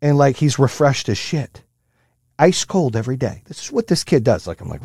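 A middle-aged man hosting a podcast, telling a story in a profane, animated monologue full of motivational talk. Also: medium pitch, brisk, husky, no room sound, clean studio sound. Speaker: podcast host.

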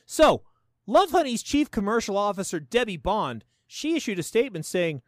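A man's voice: high voice, normal speed, no echo, clean studio sound. A middle-aged man hosting a podcast, riffing through sarcastic comedic commentary with frequent laughs. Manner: animated, sarcastic, laughs often. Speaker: podcast host.

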